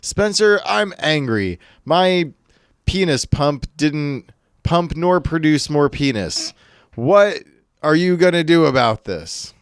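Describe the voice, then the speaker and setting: A man's voice: a little high, animated, slow pace, clear, resonant tone, dry recording, clean studio sound, voice pushed up. A man voicing an angry customer who complains in a whiny, indignant way. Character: angry, shrill male customer on the phone.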